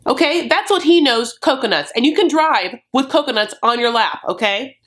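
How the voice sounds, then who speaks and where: A woman's voice: high-pitched, animated, normal speed, background noise. A woman dishes on a reality show in a sassy, campy way and calls her viewers "honey" all the time. She slips into little put-on voices to act out what people said. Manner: acts out quotes in put-on voices. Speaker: reality TV recap commentator. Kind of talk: casual commentary.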